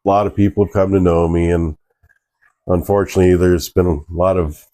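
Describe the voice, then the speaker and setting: A man in his forties with a very low, dark, mellow voice talks as a guest. He rambles and hesitates as he goes. The sound is dry and close. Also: fairly even intonation, fairly quick, no room sound. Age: 40s. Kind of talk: casual interview chat.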